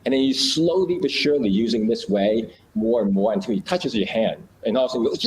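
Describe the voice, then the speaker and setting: A man with a fairly low voice speaks fast and casually with few pauses, explaining ideas by acting out small scenes. He often restarts sentences and relies on fillers. The audio is poor, with faint noise behind him.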